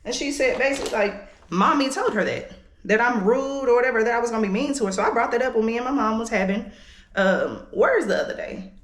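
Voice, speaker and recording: A late-20s woman vlogger tells her camera a candid, profane story while doing her makeup at home, venting heatedly. Her voice is on the high side, fast and lively in intonation. The room sounds echoey.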